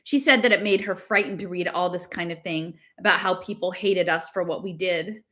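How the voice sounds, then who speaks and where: A woman's voice: lowish voice, fairly quick, fairly bright tone. A woman reading a novel aloud in a casual manner, stopping now and then to laugh and comment on the text. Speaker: reader.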